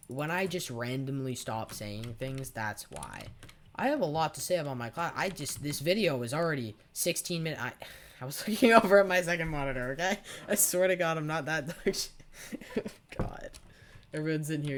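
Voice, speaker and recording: A man's voice: on the high side, lively intonation, normal speed, slight background noise. A teenage boy giving casual, profane, rambling commentary over his own gameplay, full of sarcastic asides. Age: teens. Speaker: gaming channel host.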